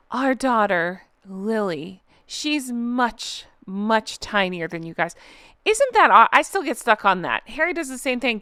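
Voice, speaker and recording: A woman's voice: medium pitch, sharp tone, clear, resonant tone, no echo, clean studio sound. A woman in her thirties with a Southern American accent, hosting a casual commentary video in a sarcastic, incredulous, chatty way. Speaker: commentary channel host.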